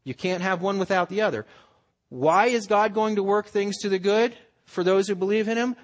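A man preaches in a voice that sits a little above the usual male range. He talks to his congregation in an earnest, conversational way. He often breaks into quick acted-out quotes. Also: high-pitched. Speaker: pastor. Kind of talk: sermon.

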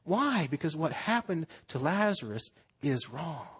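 A man's voice: fairly high pitch, very animated, a little slow, slightly rough. Man preaching an earnest sermon. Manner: earnest, conversational preaching with acted-out quotes. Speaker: pastor.

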